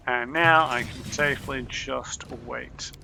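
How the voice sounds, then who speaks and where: Young guy rambling over his game stream, slow and gravelly, lots of ums. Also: mid-range voice, steady tone, music in the background. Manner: meandering, full of ums and uhs. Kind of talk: rambling live stream commentary.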